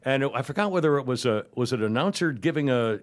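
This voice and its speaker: A man telling a story in casual chat as a guest, animated and full of restarts. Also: mid-range voice, fast talker. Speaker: talk radio host guest.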